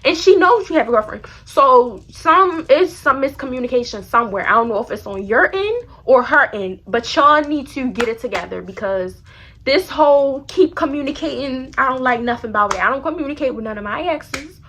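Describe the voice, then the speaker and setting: A young woman telling a storytime vlog in an animated, blunt, slangy and profane way. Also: high-pitched, moderate pace, a little hiss or hum. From Baltimore area. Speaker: vlogger.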